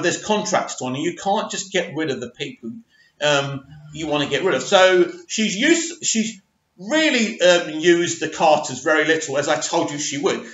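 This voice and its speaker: A man giving his animated, emphatic opinions on a soap opera in a casual monologue. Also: sits high. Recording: echoey room, dull lo-fi sound.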